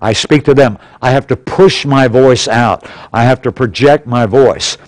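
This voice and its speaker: A man's voice: medium pitch, measured pace, dry recording, rough recording. A man teaching a practical church class in an auditorium, plainly and instructively, repeating his key points. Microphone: stationary pulpit mic.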